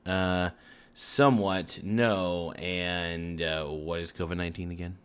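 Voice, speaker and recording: A man's voice: low voice, steady tone, slow, smooth. A man chatting casually and jokingly on a livestream while eating, breaking into sing-song chants of silly rhymes. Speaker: streamer.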